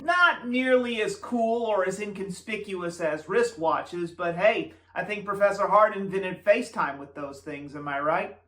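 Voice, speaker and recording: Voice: mid-range voice, unhurried, hardly any pauses, fairly bright tone, soft background music. Sarcastic ranting show reviewer. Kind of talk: casual commentary review.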